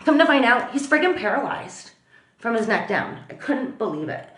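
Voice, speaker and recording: A woman vlogger telling a story in a chatty, animated way, full of fillers. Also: on the high side, moderate pace, roomy sound. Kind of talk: casual storytelling to camera. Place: at home.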